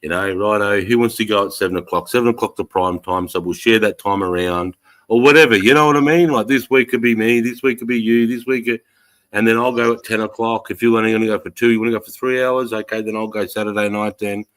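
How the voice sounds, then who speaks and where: A man's voice: on the low side, steady tone, quick pace, a bit bright. An Australian man hosting a casual livestream chat, ranting with heavy swearing. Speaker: livestream host.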